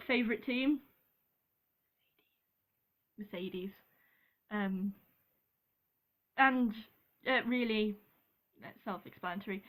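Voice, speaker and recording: A young woman from Britain talking casually to her viewers. She is giggly and rambling, often pausing on an um. She speaks slowly, in a slightly raised pitch. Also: fairly bright tone. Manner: giggly, rambling, apologetic, with frequent ums. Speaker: vlogger. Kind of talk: casual chat.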